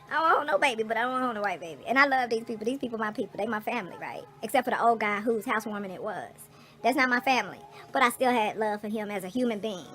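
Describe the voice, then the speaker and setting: A middle-aged woman vlogging in a casual storytelling way, frank and profane, animated, with asides and laughter. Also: fairly high pitch.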